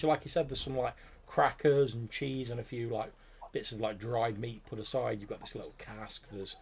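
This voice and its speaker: A man narrating as game master, relaxed and rambling with many fillers. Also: on the low side, creaky, slight background noise.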